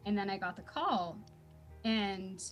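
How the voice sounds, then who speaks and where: A woman's voice: medium pitch, lively intonation, slow pace, faint music behind. A young woman telling a story in a casual interview, bubbly and laughing often, full of fillers. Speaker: voice actor guest.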